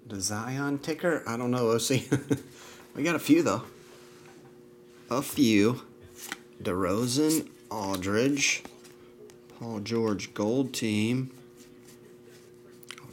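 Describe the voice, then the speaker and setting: Casual male card breaker, deep-ish, unhurried, rattles off names with dry remarks. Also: slight background noise. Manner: reels off names in a flat list, with dry asides. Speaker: trading card box breaker. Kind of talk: casual running commentary while opening card packs.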